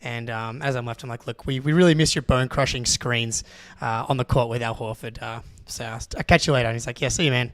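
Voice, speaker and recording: Excitable young Australian man telling a story. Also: mid-range voice, quick pace, hardly any pauses, no room sound. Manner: excitable, rambling with many restarts. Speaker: podcast co-host. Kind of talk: casual storytelling.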